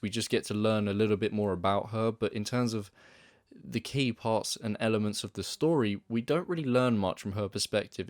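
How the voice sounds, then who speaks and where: Low-voiced man reviewing a film. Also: dry recording, clean studio sound. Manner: rambling, hesitant, many restarts and fillers. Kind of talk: casual spoken film review.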